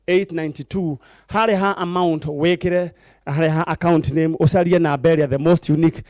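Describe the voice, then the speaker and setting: A man with a Kenyan accent hosting a live TV prize segment, giving brisk instructions to a contestant. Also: a little high, mellow, dry recording. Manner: brisk, coaxing, gives instructions. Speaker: TV show host. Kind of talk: lively live TV game segment.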